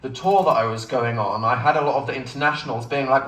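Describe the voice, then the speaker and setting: A lively man in his thirties chats from the stage at a book event, joking at his own expense and breaking into laughs. His voice comes across bright and clear. It is caught from out in the audience, so it sounds distant and roomy. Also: mid-range voice, fast. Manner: chatty and self-mocking, breaking into laughs. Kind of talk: live on-stage Q&A chat. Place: bookshop event space with a live audience. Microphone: phone recording from the audience. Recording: echoey room taped from afar.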